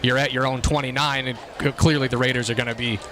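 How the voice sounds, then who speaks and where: A man giving measured, analytical color commentary on a local high school football game. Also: fairly even intonation, sharp tone, slight background noise.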